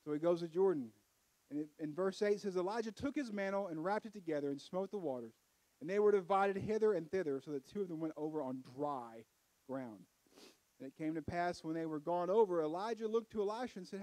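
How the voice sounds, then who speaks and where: A middle-aged man preaching a folksy sermon in church, building to loud emphatic peaks. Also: high-pitched, brisk, no echo, poor audio.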